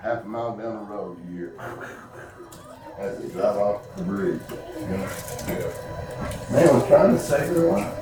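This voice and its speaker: A man preaching an earnest sermon at a church service, telling stories and slowing down to read scripture. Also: lowish voice, animated, heavy background noise. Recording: echoey church room with music behind.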